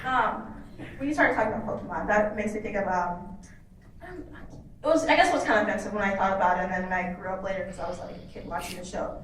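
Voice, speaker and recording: A woman in the audience telling a story in an animated way. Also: medium pitch, quick pace, slight background noise. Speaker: audience member. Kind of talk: question from the audience. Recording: echoey hall from far off, crowd behind.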